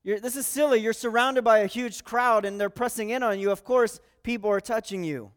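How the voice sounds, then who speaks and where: A man's voice: high voice, fairly quick, a bit bright, smooth. A man preaching who briefly voices an exasperated male disciple scolding his master. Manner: impatient, mildly mocking.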